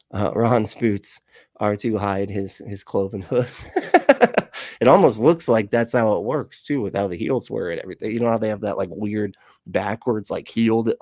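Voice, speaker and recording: A livestream host with a Southern US accent and a lowish, slightly mellow voice chats casually while reading comments. He rambles, laughs a lot, and swears freely, recorded dry.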